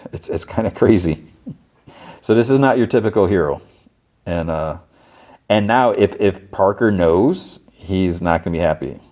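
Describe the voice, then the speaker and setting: A man's voice: deep voice, expressive, a little slow, pauses often, a little mellow. A man hosting a podcast, retelling a TV episode in a rambling, casual way with lots of fillers. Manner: rambling, filler-heavy retelling with acted-out quotes. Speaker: podcast host.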